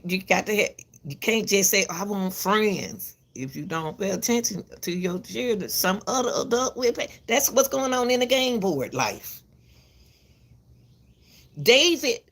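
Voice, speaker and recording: Gravelly woman lecturing parents. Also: on the low side, a bit bright. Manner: emphatic and repetitive, lecturing parents; calls viewers "baby". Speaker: commentary channel host. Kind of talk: casual commentary to the camera.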